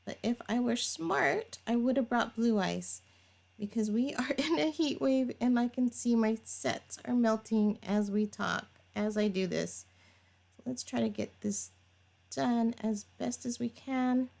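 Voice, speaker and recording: A woman's voice: fairly high pitch, a little slow, vocal fry, darkish tone. A woman vlogger chatting casually as she walks through a manicure step by step, narrating while she works and laughing at her own slips. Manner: chatty, talks while working, laughs at herself. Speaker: nail tutorial vlogger.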